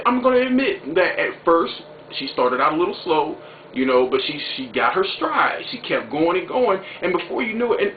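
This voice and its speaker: Man vlogger, excitable and emphatic, slangy talk; lo-fi phone-like sound, faint hiss. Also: high voice. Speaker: video blogger. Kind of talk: opinionated political vlog commentary. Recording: tinny echoey home recording with faint noise.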